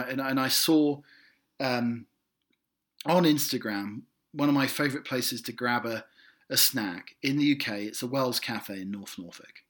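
A man's voice: mid-range voice, fairly bright tone. A British man hosting a comedy podcast, rambling and self-amused, with many fillers and restarts. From Britain. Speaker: podcast host. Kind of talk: rambling comic chat. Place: in the United States.

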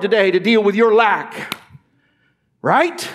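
A man preaches in a church with a voice that sits a bit higher than most men's. He speaks straight to the congregation and keeps asking them to answer him. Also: normal speed. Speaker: pastor. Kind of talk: sermon. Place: church sanctuary.

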